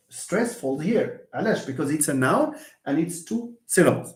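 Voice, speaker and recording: A man teaching English pronunciation in a live online lecture, slowly repeating words and drilling syllables aloud. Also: high voice, sing-song, a little mellow, reverberant.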